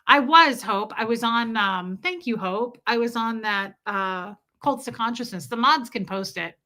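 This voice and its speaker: At a measured pace, a woman with a fairly high, bright and forceful voice hosts a livestream. She reads the chat and answers each viewer's comment casually and fondly.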